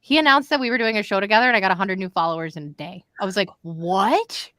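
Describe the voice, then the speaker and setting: A woman's voice: mid-range voice, expressive, rapid-fire, sharp tone, no room sound. A woman hosting a live stream in casual, chatty talk, addressing viewers directly. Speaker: live show host. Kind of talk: casual livestream chat.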